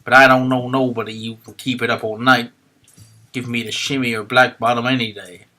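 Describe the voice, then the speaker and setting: A man's voice: mid-range voice, flat delivery, fairly quick, lightly acted. A man doing a brash young 1920s cabbie. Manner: loud, brash, folksy slang. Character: chatty young male 1920s taxi driver.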